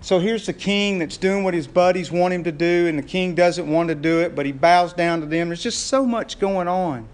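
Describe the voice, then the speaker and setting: Male pastor with a high voice, preaching a sermon, lively storyteller, laughs often, asks the congregation questions. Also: normal speed, few pauses, clear, resonant tone.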